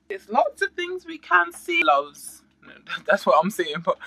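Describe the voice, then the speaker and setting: Guy doing a laid-back tarot reading, kinda high voice, super bright edgy tone, jokey and slangy. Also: huge pitch swings, unhurried, creaky, hardly any pauses, dry recording, rough recording. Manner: playful and slangy, adds sound effects. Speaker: tarot reader.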